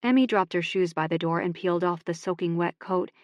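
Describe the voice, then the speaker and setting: Calm woman audiobook narrator. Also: on the low side, a little fast, dry recording.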